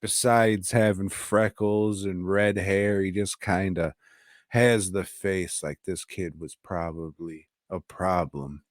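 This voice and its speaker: A man's voice: low voice, steady tone, slow, dry recording, studio quality. A middle-aged man, tipsy from drinking, hosting a podcast and giving a casual, profane, rambling episode review. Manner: profane, rambling, laughing at his own jokes.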